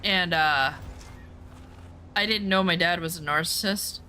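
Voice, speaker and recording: A woman's voice: fairly low pitch, unhurried, bright, forceful tone, a little hiss or hum. A woman streamer talking candidly in casual chat while playing a game, rambling with lots of fillers.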